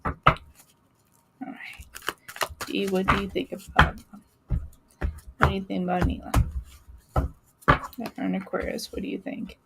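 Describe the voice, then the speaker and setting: A woman with a gravelly, creaky voice hosts a live tarot reading. She talks loosely and cheerfully, breaking into laughs and leaning on fillers as she reads through the cards. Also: medium pitch, level tone, unhurried, long pauses, heavy background noise. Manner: chatty, laughing, many fillers. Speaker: tarot reader.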